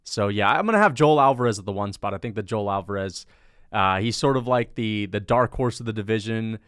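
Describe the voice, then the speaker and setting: Male host, casual fight commentary, animated and self-correcting, close dry mic. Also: lowish voice, brisk, clear, resonant tone, no echo. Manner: animated, thinks aloud, changes his mind mid-sentence; swears casually. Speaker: MMA commentator and channel host.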